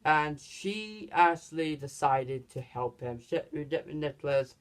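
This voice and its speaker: A man's voice: on the high side, animated, slow, a bit bright, smooth. A man casually retelling a movie's plot in a rambling way, with frequent restarts and filler words. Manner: rambling, lots of restarts and "basically". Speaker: movie reviewer.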